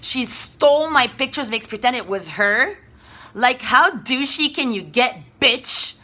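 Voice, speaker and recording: A woman's voice: sits high, expressive, unhurried, sharp tone. A woman from Russia, talking in a rambling, emphatic and profane monologue. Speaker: spiritual vlogger.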